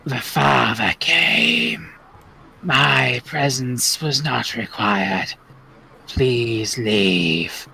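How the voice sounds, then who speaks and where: A man voicing an ancient temple guardian spirit in a hushed, eerie whisper. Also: mid-range voice, very animated, very slow, gravelly, slight background noise, exaggerated voice. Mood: ominous.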